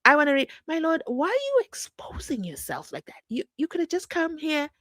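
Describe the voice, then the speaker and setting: A young South African woman with a South African accent, hosting a live stream in a chatty, animated way and acting out the people she quotes. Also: high-pitched, moderate pace, no echo. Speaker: host. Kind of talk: casual live-stream commentary.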